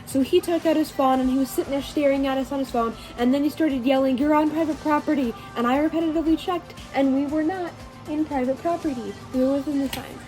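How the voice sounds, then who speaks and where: A woman's voice: sits high, steady tone, quick pace, dark tone, soft background music, low-quality recording. A teenage girl narrating her vacation vlog in a rambling, chatty way, full of fillers and restarts. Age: teens. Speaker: vlogger. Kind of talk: casual voice-over storytelling.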